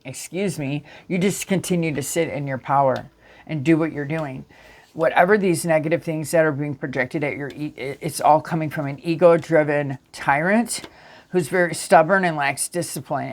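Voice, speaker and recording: Earnest woman giving a tarot reading. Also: deep voice. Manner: earnest, emphatic, with frequent restarts and self-corrections. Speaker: tarot reader. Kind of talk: casual spiritual tarot reading to viewers.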